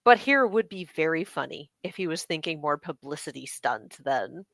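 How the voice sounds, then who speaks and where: Animated, joking woman co-host. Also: low-pitched, moderate pace, no room sound. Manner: animated, joking, enthusiastic speculation. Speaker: podcast co-host. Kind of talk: casual chat.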